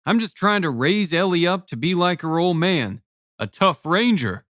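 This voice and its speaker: A brash, boastful father ribs his friend in a loud, raised voice, as a man reading an audiobook plays him. His sarcasm is boisterous and the sound is dry and close. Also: sits high, animated, normal speed, dry recording, voice pushed up.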